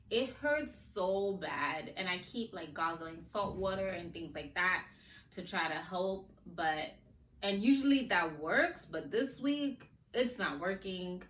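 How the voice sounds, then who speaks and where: A woman with a bright, forceful voice chatting casually as a podcast host. She laughs often, throws in slangy asides to her listeners and sounds a little slurred from a sore mouth. The room is roomy and echoey, with a faint hum of ambience. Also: medium pitch, lively intonation, measured pace. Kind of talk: casual chat. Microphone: recorded on video for a podcast.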